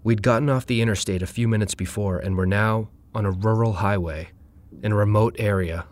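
Deadpan low-voiced man reading a story. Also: fairly quick. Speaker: narrator. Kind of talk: first-person story reading.

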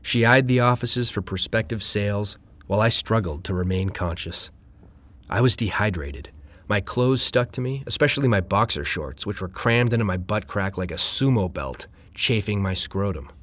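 Deadpan low-voiced man reading a story. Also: normal speed. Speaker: narrator. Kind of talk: first-person story reading.

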